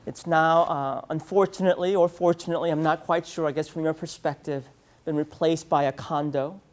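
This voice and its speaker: A man's voice: fairly high pitch, steady tone, a little fast. A man in his thirties from San Francisco, giving a humorous conference keynote with storytelling and playful asides to the audience. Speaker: keynote speaker. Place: conference hall.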